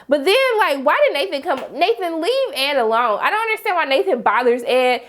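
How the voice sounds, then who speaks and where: A woman chatting casually as she recaps a TV episode, slangy and animated, acting out her own reactions. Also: high voice, fairly quick, few pauses. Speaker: TV review vlogger.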